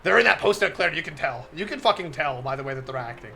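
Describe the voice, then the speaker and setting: A man's voice: on the high side, expressive, racing, gravelly, pushed and bright, slight background noise. A man on a live stream reading a visual novel aloud, getting flustered, laughing often and breaking off to comment to his chat.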